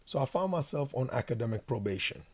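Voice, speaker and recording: A man's voice: mid-range voice, lively intonation, fast, husky. A man from Trinidad and Tobago, a guest giving an earnest personal testimony and acting out what he once said. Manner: earnest storytelling, acts out his own past words. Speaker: interview guest.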